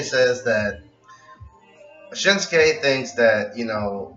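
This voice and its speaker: A man's voice: mid-range voice, moderate pace, bright, forceful tone. A man reviewing a wrestling show in a casual, rambling vlog, wry and freely profane. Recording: echoey, dull, distant with music.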